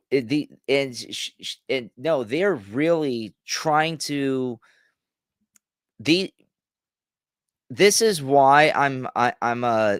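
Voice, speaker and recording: A man with a mid-pitched voice reacts to a video on stream, ranting loosely and tripping over his own restarts. He swears freely. His mic is close and dry, with no room sound. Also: smooth, no echo. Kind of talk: casual ranting commentary.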